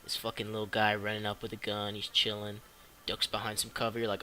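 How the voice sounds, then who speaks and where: A man's voice: fairly low pitch, brisk, a little hiss or hum. A young man casually reviewing a film for a vlog, chatty and swearing freely as he talks through the plot. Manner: excitable, profane, chatty. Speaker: movie reviewer.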